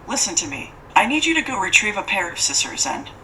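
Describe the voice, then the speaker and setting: A woman narrator voicing a cold, imperious lady who means to fatten up a child, speaking in a formal, unhurried way. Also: medium pitch, sing-song, pushed and bright. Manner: formal, stiff, unhurried speech. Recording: distant mic with faint hiss.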